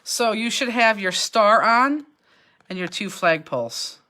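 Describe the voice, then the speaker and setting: A woman's voice: mid-range voice, expressive, a little slow, bright, forceful tone. A woman teaching a live online paper craft class, giving chatty step-by-step instructions.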